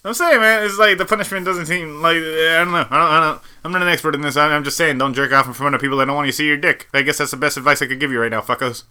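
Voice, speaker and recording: A man's voice: a little high, fairly even intonation, rapid-fire, hardly any pauses, sharp tone, clean tone. A man co-hosting a casual podcast chat, blunt and profane, giving strong opinions. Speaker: podcast co-host.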